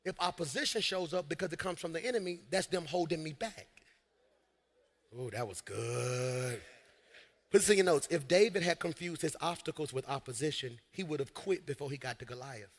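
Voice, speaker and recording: A man preaching a lively sermon from a church stage, shouting, laughing and talking to his congregation. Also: on the high side, moderate pace. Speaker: pastor. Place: large church hall on stage. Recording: long hall reverb.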